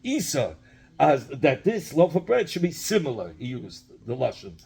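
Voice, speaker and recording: Husky man teaching a Talmud class. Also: mid-range voice, huge pitch swings, normal speed, darkish tone. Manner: explains by repeating and questioning, mixing Hebrew and Yiddish terms. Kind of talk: Talmud study lesson.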